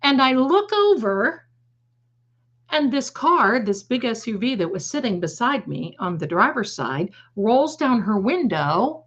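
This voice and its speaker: A woman's voice: on the high side, very animated, unhurried, fairly bright tone. An older woman hosting a tarot livestream, telling rambling funny stories in a chatty, digressive way and laughing at her own jokes. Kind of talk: casual storytelling to a live audience. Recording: slightly dull lo-fi sound.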